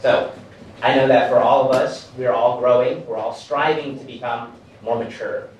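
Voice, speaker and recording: A man's voice: medium pitch, fairly even intonation, normal speed, muffled recording, a little hiss or hum. A young man in seminary giving a casual, self-deprecating sermon to a church gathering, with plenty of fillers. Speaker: pastor in training. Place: church hall. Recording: very echoey hall, distant mic.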